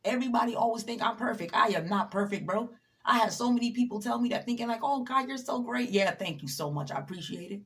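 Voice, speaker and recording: This woman gives a fast-paced motivational talk to camera in a mid-range, fairly bright voice. Blunt, emphatic and free with profanity, she lectures her audience directly, though a slight weariness comes through.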